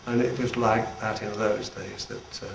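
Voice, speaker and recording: In an echoey, noisy room recording made from a distance, an older man who is a retired Salvation Army general leads a band's devotions at practice. His fairly low, creaky voice moves at normal speed with fairly even intonation, and his informal talk is humorous with chuckling asides.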